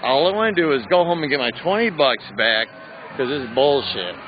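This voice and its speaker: A man's voice: mid-range voice, lively intonation, brisk. A tipsy man ranting angrily and profanely in a live phone stream outside a club at night. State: tipsy after a few drinks. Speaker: livestreamer. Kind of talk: angry live-stream rant. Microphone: phone held in hand. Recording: muffled phone audio with street noise.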